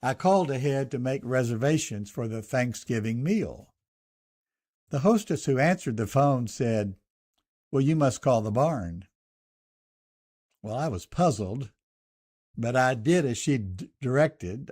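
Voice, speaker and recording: On his radio program, this older host with a Southern American accent delivers thoughtful remarks and a prayer, pacing them steadily as if reading a list. His pitch is medium, his delivery animated, and the tone leans dark.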